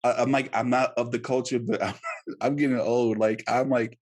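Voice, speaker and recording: A man in his thirties hosting a casual podcast interview, animated and laughing, often repeating words as he talks. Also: mid-range voice, moderate pace. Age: 30s. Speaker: podcast host.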